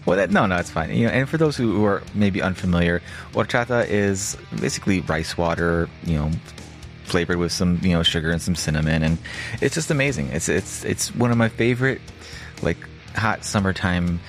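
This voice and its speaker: A man with a low voice hosts a casual podcast interview. He rambles in a relaxed, chatty way and swears now and then, with soft music faintly behind him. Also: fairly quick. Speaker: podcast host.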